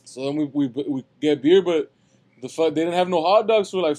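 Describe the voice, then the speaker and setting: A young man with a high voice tells a rambling, slang-filled story on a casual podcast. He talks loosely and ends nearly every phrase with "fool.". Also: brisk, dark tone. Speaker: podcast co-host telling a story.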